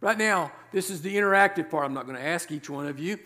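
A male pastor preaching a sermon, reading scripture verses and explaining them with rhetorical questions and slowed, stressed words. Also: fairly high pitch, sharp tone. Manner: emphatic, slows down to stress key words.

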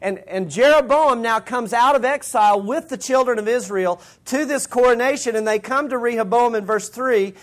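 A man's voice: very high voice, moderate pace, hardly any pauses. A man preaching a sermon, retelling scripture in casual everyday slang. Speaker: pastor.

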